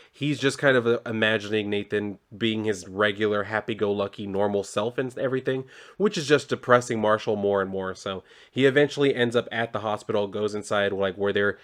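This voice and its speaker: A man's voice: lowish voice, a little fast. A man casually recapping a comic book issue, rambling with lots of filler words and offhand swearing.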